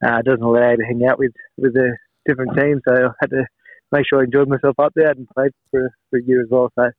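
A man's voice: medium pitch, flat delivery, fast talker, no echo. A man in his thirties with an Australian accent, a laid-back, rambling guest in a casual chat. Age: 30s. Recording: tinny phone line.

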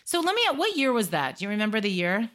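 A woman hosting a podcast interview, who reacts quickly and asks questions in a casual way. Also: mid-range voice, very animated, fairly bright tone. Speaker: podcast host.

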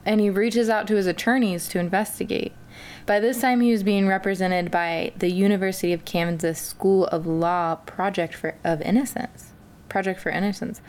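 A woman's voice: mid-range voice, moderate pace. A woman hosting a casual true-crime podcast, swearing freely and acting out the people in her stories. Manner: profane, animated storytelling, acts out quoted people. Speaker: podcast host.

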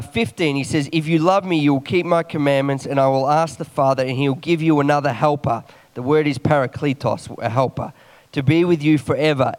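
A man preaching a morning sermon quickly, reading scripture aloud and adding quick asides and jokes. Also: fairly high pitch, darkish tone.

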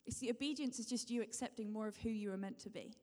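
A woman's voice: on the high side, fast talker, a little mellow. A woman giving a sermon, repeating her points and putting questions to the congregation. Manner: repetitive, encouraging, asks the congregation questions. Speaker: preacher. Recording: long hall reverb.

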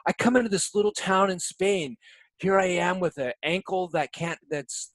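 A man telling a long personal story as a podcast guest, rambling and restarting his sentences, then slowing into a reflective tone. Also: fairly high pitch, no room sound, rough recording. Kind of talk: casual storytelling.

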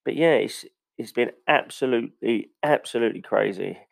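Man, gravelly, blunt passionate rant, dry close sound. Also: mid-range voice, normal speed, no room sound. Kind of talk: casual opinion rant.

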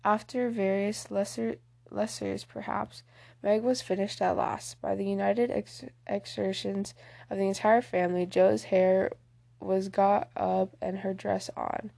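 Woman, audiobook narration, flat monotone, gravelly voice. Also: medium pitch, a little slow. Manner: plain reading with small slips and restarts. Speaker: audiobook reader.

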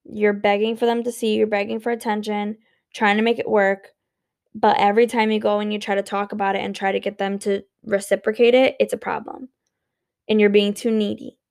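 A woman's voice: medium pitch, level tone, fairly quick, creaky, darkish tone. A sleepy woman giving casual relationship advice in a blunt, profane, emphatic way, yawning between points. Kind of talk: casual unscripted advice monologue.

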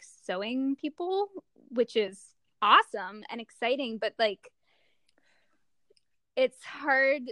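A young woman in casual chat, halting and searching for words as she talks. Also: a little high, fairly bright tone, no echo.

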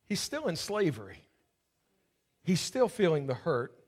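Pastor, male, high-pitched, storytelling sermon that swells into fervent preaching. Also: big pitch swings, measured pace, husky.

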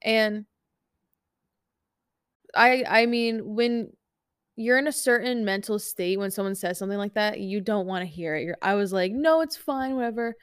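Chatty young woman, smooth dry voice. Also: medium pitch, normal speed, pauses often, dry recording. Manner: chatty, animated, lots of fillers and quoted self-talk. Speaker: coach. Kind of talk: casual chat vlog.

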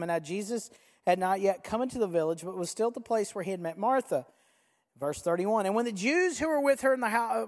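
A pastor preaching a sermon to a live congregation, talking conversationally and swinging between soft, slow stretches and loud, quick bursts, sometimes leading the crowd in repeating a line. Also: medium pitch. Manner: leads the congregation in repeating lines. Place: large church hall with a live congregation. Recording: long hall reverb.

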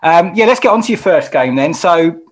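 A man hosting a casual interview, setting up questions and reading out match details in a relaxed way. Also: a little high. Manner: relaxed, reads match details, quick backchannels. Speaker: podcast host.

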